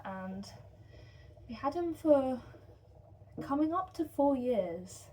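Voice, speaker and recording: A young woman in her home, talking softly and heartfelt to camera in a rambling video diary. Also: sits high, expressive, takes it slowly, slight background noise. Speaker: vlogger. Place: home room with pet enclosure.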